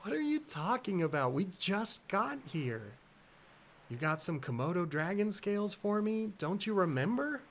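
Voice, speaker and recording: A man's voice: sits high, very animated, normal speed, pitched above the performer's own voice, full character voice. A man voicing a caring, teasing teenage girl in a raised, coaxing sing-song, reading game dialogue aloud.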